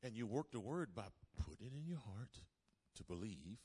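A husky, warm, lowish voice carries this preacher's sing-song sermon at a moderate pace in a church service. He repeats key lines emphatically and calls on the congregation to answer back.

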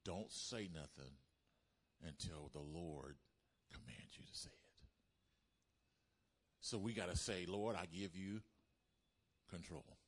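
A pastor delivers a sermon in a fairly low voice. He calls on the congregation to answer back and often swells into loud, emphatic bursts. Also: slow pace, pauses often, breathy edge. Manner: call-and-response preaching, rising to loud bursts.

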